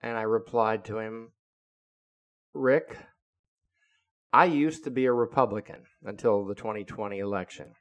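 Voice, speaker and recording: A man's voice: fairly low pitch, lo-fi sound. Older man telling an indignant story. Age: 70s. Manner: indignant, deliberate, lecturing. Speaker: retired naval officer telling a story. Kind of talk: casual storytelling monologue.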